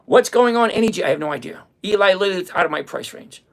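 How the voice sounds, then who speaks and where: A man's voice: high-pitched, expressive, fast, a bit bright. A man hosting a stock-trading livestream, talking bluntly and with exasperation, rattling off countdowns and numbers. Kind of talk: casual livestream talk.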